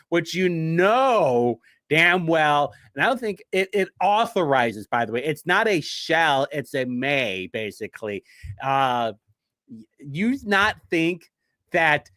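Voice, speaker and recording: A man's voice: fairly high pitch, a bit bright, no room sound, studio quality. A man from hosting a show, reading from documents in a casual, sarcastic, rambling way with frequent self-interruptions. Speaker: show host.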